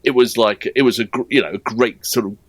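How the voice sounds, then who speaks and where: A man's voice: medium pitch, a little fast, a bit bright, no echo. A man co-hosting a music reaction chat, rambling with lots of filler words. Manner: rambling, full of "you know" and "like". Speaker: co-host of a music reaction channel. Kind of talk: casual chat.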